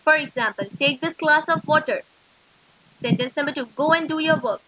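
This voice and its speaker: A woman teaching an English grammar lesson to schoolchildren, explaining slowly and methodically. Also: high voice, dry recording. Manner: slow, explanatory, steady and methodical. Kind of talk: recorded classroom lecture. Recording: dull lo-fi recording.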